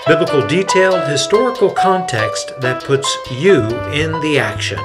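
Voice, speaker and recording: A man hosting a podcast, narrating a story in an expressive, dramatic style. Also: mid-range voice. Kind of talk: scripted narration.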